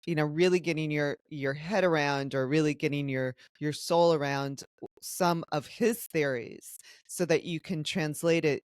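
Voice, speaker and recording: A woman's voice: sits low, a little slow, no room sound, clean studio sound. A woman hosting a podcast, interviewing her guest in a friendly, encouraging way with lots of affirmations. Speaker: podcast host. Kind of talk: casual interview chat.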